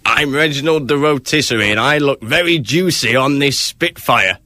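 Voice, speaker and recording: A man's voice: mid-range voice, moderate pace, bright, forceful tone, no room sound, close to an everyday voice. A man voicing a cheerful talking kebab rotisserie in a comedy radio sketch. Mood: hammy.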